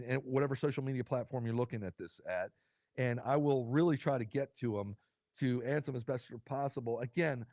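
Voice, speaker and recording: A man's voice: mid-range voice, a little mellow, no room sound. A man hosting his own vodcast from a studio, talking casually and rambling with fillers and restarts. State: choked up with emotion. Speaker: podcast host. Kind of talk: casual solo vodcast talk.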